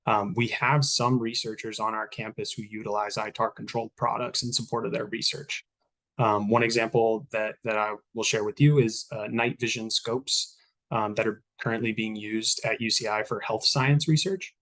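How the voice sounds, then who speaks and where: A man's voice: fairly low pitch, little pitch movement, normal speed, a bit bright. A man giving a compliance presentation to campus staff, reading steadily with frequent filler words. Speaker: export controls compliance officer. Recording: recorded online meeting.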